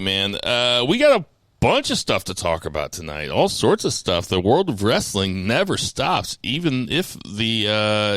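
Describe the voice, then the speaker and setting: A man's voice: mid-range voice, a bit bright, no room sound. A man hosting a podcast, laid-back and loose, laughing easily as he chats with his co-hosts. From St. Louis area. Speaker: podcast host. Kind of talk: casual podcast chat.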